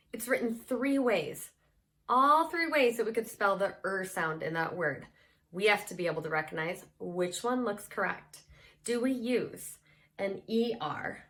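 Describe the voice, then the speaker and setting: Slow, patient woman teaching phonics. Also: mid-range voice, expressive, fairly bright tone. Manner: slow, clear, encouraging teacher talk with sounded-out words. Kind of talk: phonics lesson for children.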